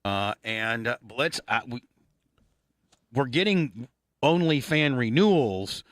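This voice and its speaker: A man's voice: mid-range voice, lively intonation, slow, a bit bright, dry recording. Brash, profane male radio host. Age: middle-aged. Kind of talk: casual crude radio banter.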